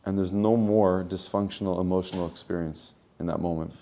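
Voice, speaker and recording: A man's voice: deep voice, fairly even intonation, brisk, dark tone, slight background noise. A man coaching on spiritual growth in an earnest teaching monologue, repeating phrases and using Hebrew terms.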